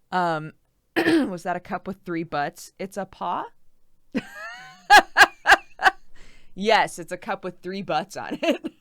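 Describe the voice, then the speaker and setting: A woman's voice: lowish voice, sing-song, slow pace, long pauses, no room sound. A pregnant young woman streamer chatting casually and reading out viewer messages, giggly and rambling with lots of fillers.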